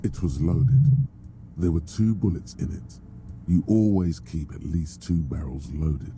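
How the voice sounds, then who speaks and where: A man voicing a very deep, sardonic inner voice. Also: measured pace, warm tone, a little hiss or hum. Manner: dry, sardonic narration. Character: mocking inner-voice narrator of a detective game.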